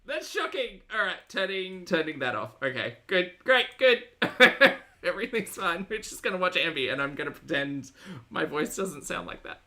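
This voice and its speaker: A woman's voice: fairly low pitch, very animated, normal speed, sharp tone. A woman hosting a livestream reaction show, chatty and sarcastic as she reads out chat messages. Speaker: reaction channel host.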